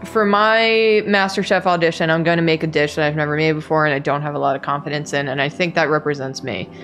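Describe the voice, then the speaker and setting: Lady putting on a deep smug cooking contestant dude, real condescending, low drawl. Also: fairly even intonation, fast, a bit bright, faint music behind.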